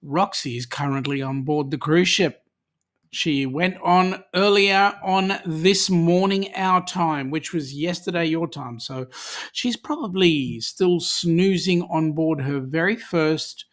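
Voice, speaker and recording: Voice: medium pitch, slow pace. An Australian host chatting casually on a livestream, reading out viewer comments in a jokey way with plenty of ums and restarts.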